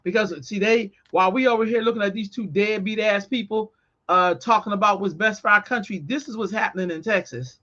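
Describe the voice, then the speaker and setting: A woman's voice: mid-range voice, fairly quick, fairly bright tone, muffled recording. A woman co-hosting a podcast in casual chat, talking bluntly and emphatically with plenty of profanity. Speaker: podcast co-host.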